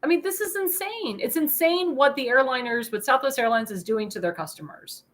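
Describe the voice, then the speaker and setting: A woman's voice: high-pitched, expressive, a little fast, few pauses, fairly bright tone. A young woman hosting a talk show, ranting indignantly in an opinion monologue and speaking straight to her viewers. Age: young adult.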